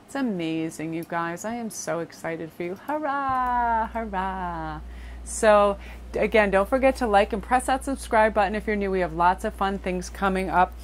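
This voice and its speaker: A woman's voice: medium pitch, normal speed, a little hiss or hum. A woman doing a casual tarot reading for her viewers, gushing over the cards and calling them "you guys". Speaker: tarot reader.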